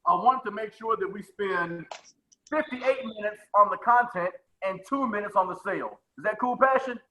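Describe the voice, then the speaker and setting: High, bright-voiced male sales coach. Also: normal speed, slight background noise, low-quality recording. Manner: energetic, repeats phrases, calls on attendees by name. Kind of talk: live webinar teaching.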